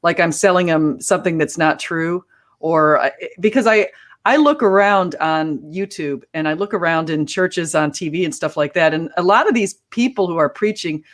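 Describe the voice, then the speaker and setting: A man's voice: on the high side, moderate pace, fairly bright tone. A man who runs a Christian channel, talking earnestly in a casual panel chat and now and then mimicking preachers.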